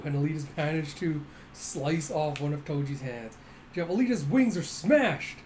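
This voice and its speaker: A man walks through a comic panel by panel in a loose, casual way, swearing now and then. His voice is on the high side but mellow rather than bright, and a faint hiss of background noise runs under it. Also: low-quality recording. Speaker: manga recap narrator. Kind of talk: casual manga recap.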